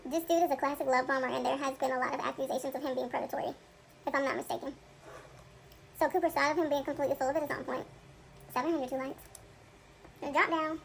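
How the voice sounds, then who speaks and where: A woman reads viewer comments aloud and adds chatty asides, laughing often. Her voice sits high and has a gravelly, fry-laden edge. Faint noise hums behind her. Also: fairly even intonation, fast, long pauses, poor audio. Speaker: reaction video co-host. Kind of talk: casual commentary, reading out comments.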